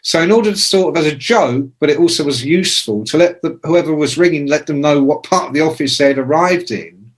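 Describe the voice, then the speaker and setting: A man in his sixties tells stories in a relaxed, chatty way. He swears freely and throws in sudden loud imitations of voices and sounds. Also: a little high, a little fast. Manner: animated anecdotes with shouted imitations; swears casually. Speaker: interview guest, music journalist. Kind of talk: casual storytelling.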